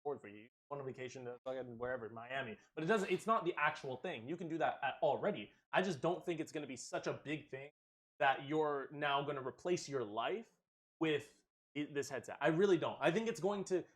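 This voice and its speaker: Higher-voiced man in casual podcast chat. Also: brisk. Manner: animated, swearing, laughing often. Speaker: podcast co-host.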